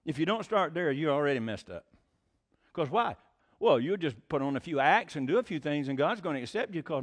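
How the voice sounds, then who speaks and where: Animated high-voiced male preacher. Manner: animated, acts out quoted voices, laughs often; rhetorical questions to the congregation. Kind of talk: sermon.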